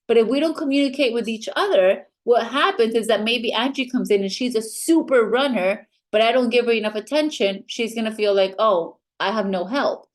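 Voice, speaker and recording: A woman mentor giving a training talk to a live group of new recruits, upbeat and direct, who now and then acts out quick quoted voices. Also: fairly high pitch.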